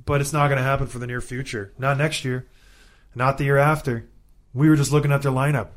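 Co-hosting a laid-back sports chat, this Canadian former hockey player in his thirties vents with animated exasperation and says things over again to stress them. He speaks at medium pitch and a quick pace.

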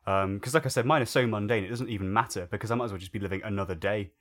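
A man's voice: fairly low pitch, very fast. A young man, a podcast co-host telling a story in casual chat, with lots of restarts. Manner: animated storyteller, swears freely, many restarts.

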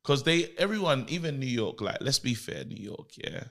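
A man's voice: medium pitch, expressive, normal speed, fairly bright tone. A young man, co-hosting a podcast and teasing his friends with playful stories. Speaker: podcast co-host. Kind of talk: casual banter.

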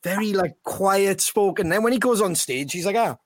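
A man's voice: sits high, normal speed, dry recording. A man in a casual chat, recalling early gigs and imitating a friend's voice. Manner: lively, imitates a soft-spoken friend. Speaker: guest.

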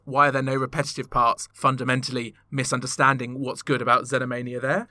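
A man's voice: medium pitch, sharp tone, no room sound. A man hosting a casual music podcast, talking through chart trivia with wry asides. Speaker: podcast host.

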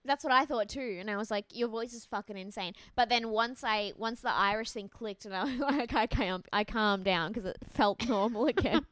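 A young woman chats loosely with a friend, swearing and laughing as she goes. Her voice is smooth and clear. It sits close and dry, with almost no room around it. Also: on the high side, moderate pace, a bit bright, no echo. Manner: chatty, laughs often, swears casually. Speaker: podcast co-host. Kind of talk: casual chat recapping a dating show.

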